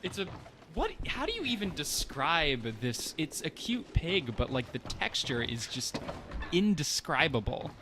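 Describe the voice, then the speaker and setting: A man's voice: a little high, wildly swooping pitch, a little slow, noisy background. A man chatting casually with friends as a guest on a game playthrough, amused and a bit theatrical. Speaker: let's play guest. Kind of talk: casual group commentary over gameplay.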